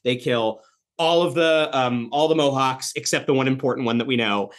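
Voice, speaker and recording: A man's voice: medium pitch, normal speed. A man co-hosting a podcast, talking casually about a film, rambling with lots of fillers and swearing. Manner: rambling, animated, swears a lot, many fillers. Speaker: podcast co-host. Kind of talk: casual movie discussion.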